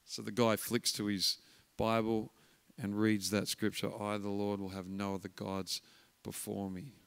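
A man's voice: fairly low pitch, level tone, unhurried, creaky, a bit bright, clear, resonant tone. A man preaching a guest sermon, telling a story and acting out the voices of its characters. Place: church hall. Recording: church hall reverb.

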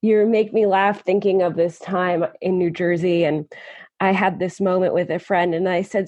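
A woman's voice: medium pitch, fairly even intonation, normal speed, darkish tone, no room sound. A woman hosting a podcast, chatting reflectively with her guest and adding short affirming remarks. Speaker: podcast host. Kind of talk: casual interview chat.

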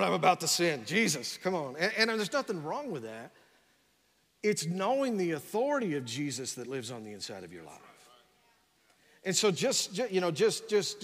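A pastor preaching, his voice notably high for a man, with a long echo from a large church sanctuary. He talks with energy, keeps urging the crowd on and stumbles over repeated words as he pushes ahead. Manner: energetic preaching with frequent "come on" and repeated restarts. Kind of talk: sermon.

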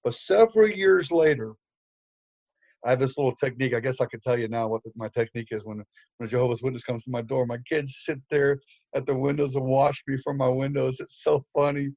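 A man's voice: mid-range voice, fairly quick, a little mellow, no room sound. An older man preaching, telling a story with humor, with frequent fillers and restarts. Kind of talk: storytelling sermon.

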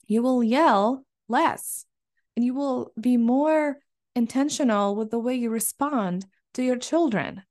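A woman hosts her own podcast, speaking in a slightly high voice. She talks earnestly and encouragingly, circling back to repeat key phrases as she coaches her listeners. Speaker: podcast host. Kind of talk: solo podcast coaching talk.

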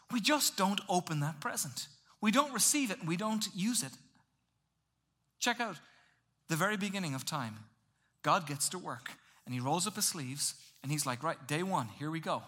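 Man, pastor, sermon, high voice, bright tone, lively and chatty. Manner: lively and conversational, acting out voices for humor.

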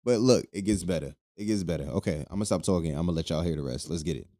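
A man's voice: low voice, quick pace, warm tone, dry recording, clean studio sound. A young man hosting a casual podcast, talking loosely with lots of profanity and laughing between lines. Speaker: podcast host. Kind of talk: casual solo podcast commentary.

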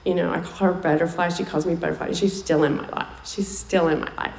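A woman's voice: lowish voice, fairly even intonation, fast talker, creaky, a little mellow. A woman speaking candidly and emotionally at a recovery meeting, sharing her personal story and repeating phrases for weight. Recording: echoey room, faint background noise.

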